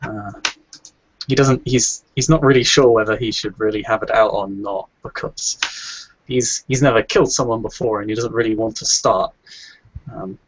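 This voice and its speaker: A man's voice: on the low side, steady tone, normal speed, no room sound. A man playing a tabletop role-playing game, describing his character's moves with many fillers. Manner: hesitant, with many fillers and restarts. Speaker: player. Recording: dry, dull lo-fi recording.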